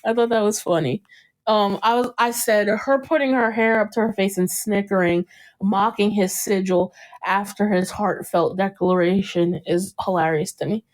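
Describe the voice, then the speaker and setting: A woman's voice: medium pitch, moderate pace. A young adult woman hosting a podcast, chatting casually and acting out scenes from a show with frequent laughter. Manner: animated storytelling, breaks into laughter, acts out scenes. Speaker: podcast host. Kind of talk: casual chat.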